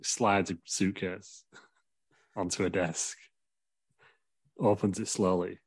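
A man's voice: low-pitched, little pitch movement, slow, husky, dry recording. A man telling a rambling comic wrestling story, laughing through his own jokes. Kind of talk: comedic storytelling.

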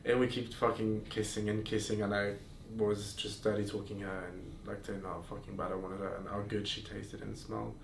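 With vocal fry and a fairly low, level tone, this man speaks a little fast as he hosts a podcast. He's frank, telling explicit stories in casual chat with frequent fillers and restarts. The recording is roomy and far from the mic, with faint noise.

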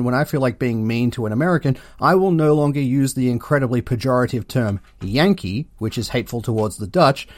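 Deadpan, sarcastic Australian man. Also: medium pitch, dry recording, clean studio sound. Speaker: podcast host. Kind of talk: comedic history monologue.

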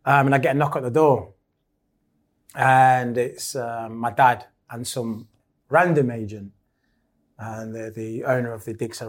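A man's voice: medium pitch, fairly even intonation, moderate pace. A man, chatting as a podcast guest and telling long stories with lots of restarts. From England. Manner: rambling storyteller, many restarts. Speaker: guest, former footballer. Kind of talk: casual chat.

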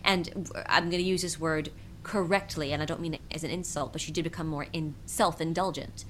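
A woman impressionist with a husky voice, chatting animatedly as an interview guest and laughing often. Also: sits low, steady tone, brisk, a little hiss or hum. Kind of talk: casual interview chat.

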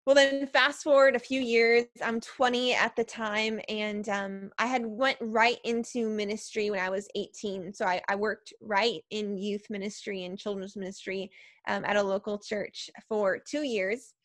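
A woman guest on a faith podcast, telling her story in a lively way, acting out her past thoughts and often asking 'right?'. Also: medium pitch, measured pace, no echo, studio quality. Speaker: podcast guest, preacher and speaker.

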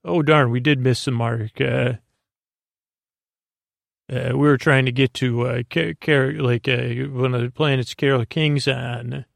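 A man's voice: medium pitch, fairly even intonation, measured pace, vocal fry, dry recording, clean studio sound. A man voicing a mild talking spaceship bench. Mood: easygoing. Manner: mild, chuckling, casual.

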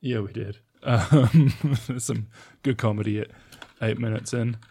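A man's voice: lowish voice, steady tone, measured pace, mellow, breathy edge. A man co-hosting a casual podcast, laughing often and swearing playfully as he teases his co-host.

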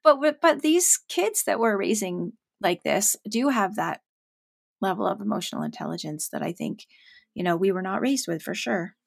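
Chatty middle-aged woman with gravelly edge. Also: medium pitch, animated, moderate pace, dry recording, clean studio sound. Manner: chatty storyteller, heavy use of filler words. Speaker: parent coach, podcast guest. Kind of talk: casual interview chat.

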